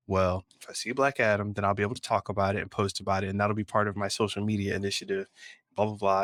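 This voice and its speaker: Co-hosting a pop culture podcast, a lowish-voiced man spins an animated, rambling story in casual conversation. The recording is dry.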